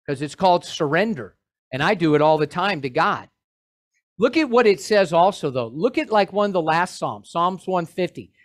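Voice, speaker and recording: A male pastor preaching a sermon in an animated way, with joking asides to his congregation. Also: high voice, moderate pace.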